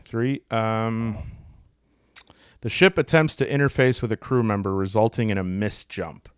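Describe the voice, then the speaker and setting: Man, Midwestern accent, low voice, rambling rules walkthrough, joking asides, dry sound. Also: no room sound. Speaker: game rules explainer. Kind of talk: solo tabletop rules walkthrough.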